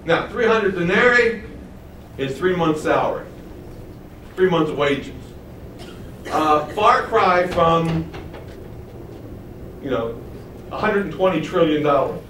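A man preaching a sermon. He reads verses, explains them, and acts out the speakers in a higher voice. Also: animated, takes it slowly, long pauses, fairly bright tone. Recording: roomy echo, voice from a distance, faint background noise.

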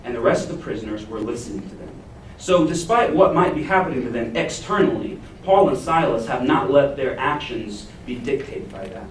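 Man preaching, expressive storyteller, roomy echo, distant mic, faint ambience. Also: medium pitch, brisk, slight background noise. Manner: expressive, acts out the jailer's panic in a paraphrase. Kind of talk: sermon. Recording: echoey room, heard from a distance.

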